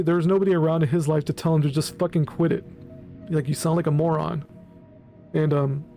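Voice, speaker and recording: A man hosts casual reaction commentary in a blunt, profane ramble, leaning on ums and "right?" as he goes. His voice sits on the higher side for a man, with a mellow, soft-edged tone. Faint music plays underneath. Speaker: commentary channel host.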